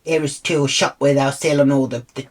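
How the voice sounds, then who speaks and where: A woman's voice: extremely low pitch, fairly quick. Blunt woman telling a story. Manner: blunt, swears freely, animated retelling. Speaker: vlogger. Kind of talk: casual storytelling.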